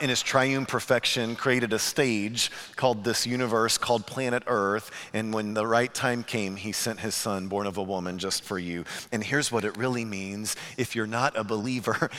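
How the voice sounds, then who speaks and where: A middle-aged man preaching a sermon, moving between hushed, earnest tones and lively storytelling. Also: medium pitch. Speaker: pastor.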